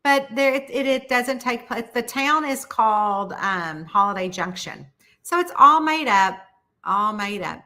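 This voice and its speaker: A middle-aged woman chatting casually with viewers on a livestream. Her voice is bright and sits a little high. She talks in a lively, animated way, jumping up into high voices when she quotes people. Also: a little slow. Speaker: mystery author hosting a livestream.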